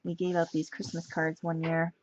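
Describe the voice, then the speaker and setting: Lower-voiced woman chatting over her journal. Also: moderate pace. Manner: relaxed, rambling, thinking aloud while flipping pages. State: tired and sneezy. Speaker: journaling vlogger. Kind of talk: casual show-and-tell chat. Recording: dull lo-fi sound with steady background noise.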